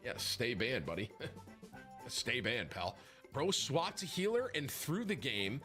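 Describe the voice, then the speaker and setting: Bright, sharp-toned male streamer reading chat messages aloud with mocking commentary. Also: mid-range voice, big pitch swings, takes it slowly, soft background music. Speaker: game streamer.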